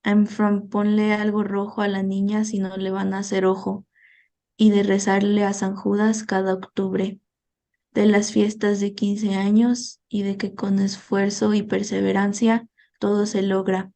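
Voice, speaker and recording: A woman's voice: medium pitch, monotone, vocal fry, mellow. Woman from Mexico reciting poetry. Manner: measured recitation, switching between English and Spanish. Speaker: student guest. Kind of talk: poetry reading.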